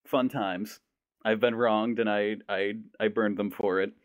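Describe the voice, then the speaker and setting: Young man telling a story, low and dry. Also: measured pace, no echo. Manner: animated storyteller, mimics voices. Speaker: podcast host. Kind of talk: casual storytelling.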